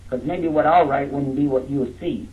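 A man's voice: mid-range voice, moderate pace. Man lecturing over a tinny line. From Texas. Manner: jokey, coaxing the audience to repeat words. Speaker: speaker teaching a live audience. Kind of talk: interactive lecture. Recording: narrow phone-like lo-fi sound.

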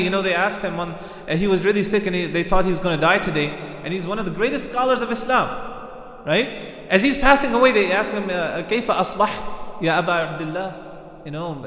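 Earnest preacher in an echoey hall. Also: male voice, high-pitched, a bit bright. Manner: earnest, many restarts, quotes Arabic phrases. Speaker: Islamic preacher. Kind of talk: sermon with retold stories. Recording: echoey hall with long reverb.

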